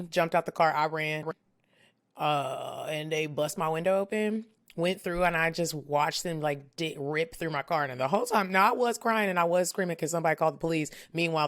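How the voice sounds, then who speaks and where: A woman co-hosting a casual podcast chat, telling stories frankly and laughing along. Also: sits low. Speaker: co-host.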